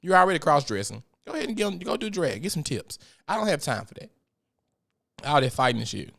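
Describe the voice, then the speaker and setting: Brisk and sing-song, this podcast host's slightly high, fairly bright voice carries some vocal fry. Alone on his casual show, he rants in a blunt, profane, joking way and gets mock-preachy when addressing God.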